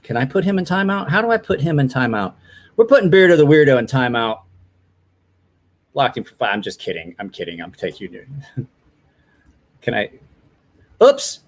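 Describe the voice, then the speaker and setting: A tired man in his forties hosts a casual live stream at a middle pitch, wandering between topics with many ums and restarts. He sounds run down but chatty and quick to apologize. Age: 40s.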